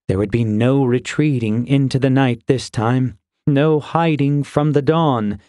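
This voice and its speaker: A man narrating a fantasy audiobook in a measured, steady reading. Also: mid-range voice, no echo, clean studio sound.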